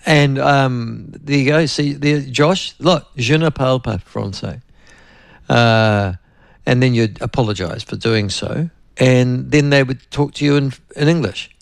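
A New Zealand man hosts a talk radio show in a gravelly, creaky voice, meandering through chatty anecdotes. The sound is close and dry, straight off a studio microphone. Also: mid-range voice, unhurried, no room sound. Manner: chatty, anecdotal, addresses co-host often. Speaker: radio host.

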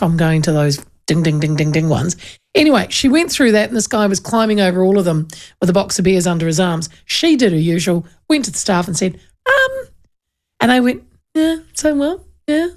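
Chatty New Zealand woman with a gravelly edge. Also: medium pitch. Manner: chatty, animated storyteller with asides. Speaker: radio talk show host. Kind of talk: casual talk radio chat, reading listener texts.

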